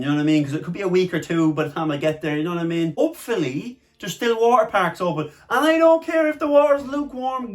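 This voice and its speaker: Irish guy vlogger, young, high-pitched voice, excitable, chatty, punches his words. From Ireland. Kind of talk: casual vlog chat to camera.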